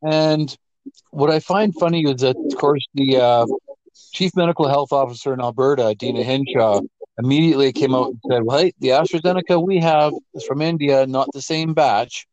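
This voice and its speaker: A man, co-hosting a casual political talk show and making his points emphatically with deliberate pauses. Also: mid-range voice, darkish tone, dry recording, highs cut off. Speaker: co-host.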